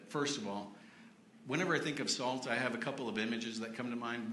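A man's voice: mid-range voice, bright, forceful tone, echoey room, a little hiss or hum. A man preaching a casual sermon in church, chatty and self-deprecating, with many fillers and restarts.

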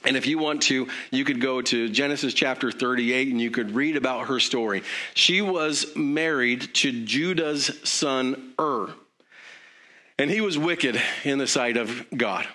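A man's voice: medium pitch, measured pace, pushed and bright. A man preaching a sermon in a conversational way, with joking asides and frequent fillers. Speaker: pastor.

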